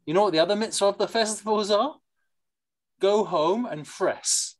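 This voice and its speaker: Class teacher, informal lecture, reads texts aloud, digressive, questions the class, Yiddish and Hebrew terms, middling pitch. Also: moderate pace. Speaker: teacher leading a study class.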